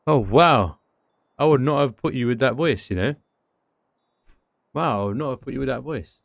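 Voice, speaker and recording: A young British man chatting casually on a livestream, in slangy, lively speech. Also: medium pitch, moderate pace, gravelly, no echo. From United Kingdom.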